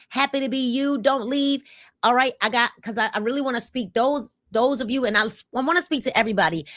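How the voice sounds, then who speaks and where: A woman in her fifties hosting a casual livestream, energetic and repeating calls for viewers to comment. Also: high voice, no room sound, clean studio sound. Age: 50s. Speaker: livestream host.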